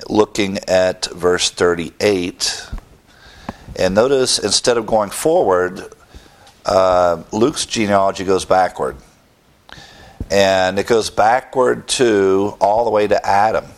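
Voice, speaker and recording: Man, very low voice, Bible teacher, deliberate delivery, restarts himself often. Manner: slow, deliberate, with frequent restarts and fillers.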